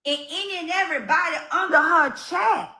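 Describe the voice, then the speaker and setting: A woman with a high, bright voice speaks emphatically to a rival in a clip replayed from another stream. The sound is echoey and roomy. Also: brisk.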